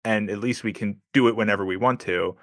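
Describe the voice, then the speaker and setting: A man hosting a casual interview, his voice on the low side. He talks eagerly, restarts his sentences often, and sounds close and dry. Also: fairly quick, no room sound. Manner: enthusiastic, stumbling restarts, laughs often. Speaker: podcast host.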